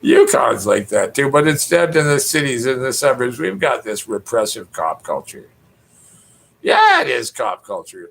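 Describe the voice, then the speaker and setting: A man's voice: lowish voice, very animated, fairly quick, creaky, fairly bright tone, rough recording. A middle-aged Canadian man ranting in a rambling spoken monologue, cursing freely and mimicking other people in raised voices. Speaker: poet.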